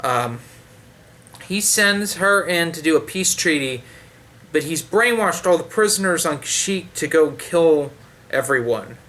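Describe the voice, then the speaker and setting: A man's voice: fairly high pitch, expressive, a little slow, pushed and bright. A man giving a sarcastic, profanity-heavy book review in a loose, rambling way, full of fillers and restarts. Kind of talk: ranting casual review.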